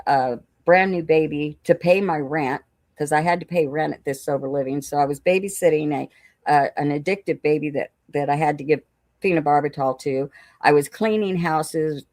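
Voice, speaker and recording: Middle-aged woman guest, low-pitched, candid and emotional storyteller, dry close sound. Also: darkish tone, no echo. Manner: emotional, retells conversations in quoted dialogue. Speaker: guest sharing recovery story.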